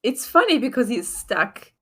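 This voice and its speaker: A woman's voice: on the high side, very animated, unhurried. A woman playing in a tabletop game, speaking in a dry, amused way. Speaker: player. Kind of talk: casual tabletop play.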